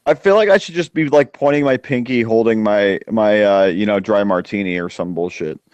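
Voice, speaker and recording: A man's voice: fairly low pitch, a little fast, a little mellow, clean tone, dry recording, dull audio. Crude teasing man on a call. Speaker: podcast co-host. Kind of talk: casual group call chat.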